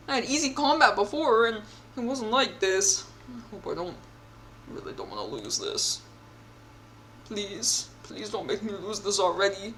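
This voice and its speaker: A woman's voice: mid-range voice, fairly bright tone, slight background noise. A young woman streamer reading a text game aloud and reacting, chatty and giggly, with a mock-indignant edge.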